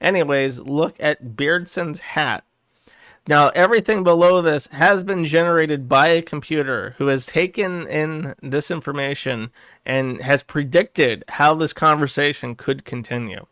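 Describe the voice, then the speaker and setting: A male streamer reads aloud and rambles through his commentary, dropping crude asides and chuckling to himself. His voice sits a little high for a man and sounds smooth and clean. The sound is dry and close. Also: unhurried, a bit bright, dry recording. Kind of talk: casual reading and commentary.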